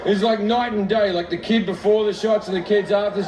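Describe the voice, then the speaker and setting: A man's voice: sits high, steady tone, brisk, a crowd in the background. A middle-aged man doing a stand-up comedy routine, telling a profane, self-mocking story with laughs. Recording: echoey, distant, noisy live recording.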